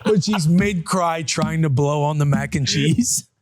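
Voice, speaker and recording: A man co-hosting a casual podcast, telling a family story with lively reenactments of his toddler. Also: on the high side, measured pace, slight background noise. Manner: animated storyteller, acts out his toddler's lines. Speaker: podcast co-host. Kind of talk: casual chat.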